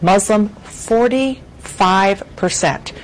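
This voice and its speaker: A woman news anchor in a cable news discussion, speaking in a measured, emphatic way. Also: medium pitch, rough recording.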